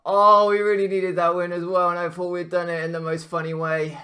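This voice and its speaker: A man ranting over a Pokémon match, switching between quiet muttering and loud swearing outbursts. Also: high-pitched, level tone, a little fast, clean tone. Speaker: Pokémon draft league player. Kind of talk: gaming commentary rant.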